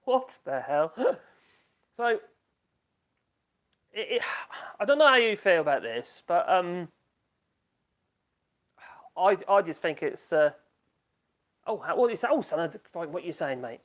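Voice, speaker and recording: A man's voice: high voice, sing-song, a little slow, long pauses. A middle-aged man, chatting casually on a live stream in a rambling way, trailing off and restarting his sentences.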